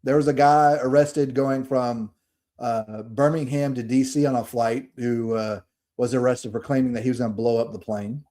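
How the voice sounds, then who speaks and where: A man with a Southern Alabama accent, chatting casually as a podcast co-host. His voice is dark and mellow, and he jokes around and laughs often. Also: mid-range voice, steady tone, moderate pace. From Alabama, USA.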